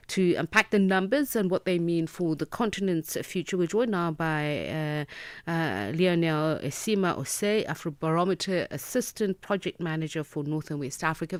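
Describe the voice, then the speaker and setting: A woman's voice: low-pitched, no echo. A woman hosting a radio interview, talking with many filler sounds and hesitations. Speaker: radio show host.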